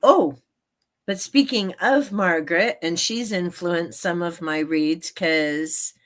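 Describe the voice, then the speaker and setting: A woman talks through her reading plans on a live stream in a loose, wandering way and laughs a lot. Her voice sits a little low. She takes her time over every phrase. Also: takes it slowly. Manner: chatty and meandering, laughs often. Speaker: book channel host. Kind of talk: casual live-stream chat.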